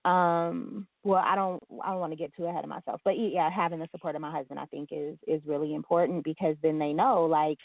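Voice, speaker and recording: A woman's voice: sits low, steady tone, quick pace, creaky, hardly any pauses. A woman in casual conversation, telling a family story and acting out the quotes with laughs. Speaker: guest. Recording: tinny phone-like line.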